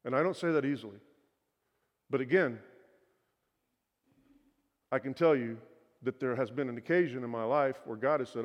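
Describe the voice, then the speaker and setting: A middle-aged pastor preaching a sermon, telling a personal story in an earnest voice that often drops to a quiet, confiding tone. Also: male voice, mid-range voice, moderate pace, long pauses, highs cut off. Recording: long hall reverb.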